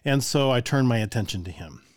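An older man recounting his years as an orchestra teacher, chatting easily and laughing now and then. His voice sits at an ordinary pitch, recorded close and dry with no room sound. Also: fairly quick, dry recording. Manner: relaxed, conversational, chuckles often, asides to listener. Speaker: orchestra teacher telling stories. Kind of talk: casual storytelling.

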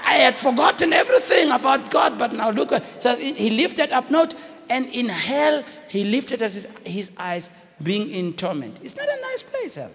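A man with a South African accent preaching a sermon, shouting and dramatic, switching between languages. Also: very high voice, expressive, normal speed, creaky. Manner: fiery, shouting, code-switching, theatrical. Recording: reverberant hall with faint noise.

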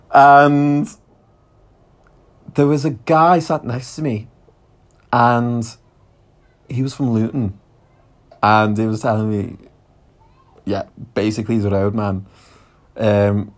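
Scouse guy telling a podcast story, bit low-pitched, chatty, laughs and swears a lot. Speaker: podcast host. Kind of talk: casual storytelling monologue.

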